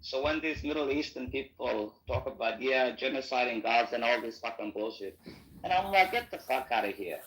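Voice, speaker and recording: A man's voice: mid-range voice, moderate pace, a bit bright, rough recording. A man in a casual online voice chat, ranting emphatically with profanity and lots of repetition. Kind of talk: heated casual rant.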